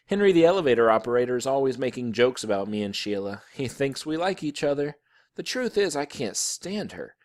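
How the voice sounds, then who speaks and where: A man reading a children's chapter book aloud with expressive, animated narration. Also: medium pitch. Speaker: storybook reader.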